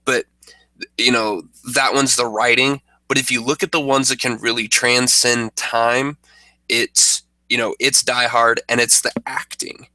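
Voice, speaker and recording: A man in casual podcast chat, making his points in a measured way and restarting phrases as he builds them. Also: mid-range voice, level tone, bright, forceful tone, no echo, low-quality recording. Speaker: podcast co-host.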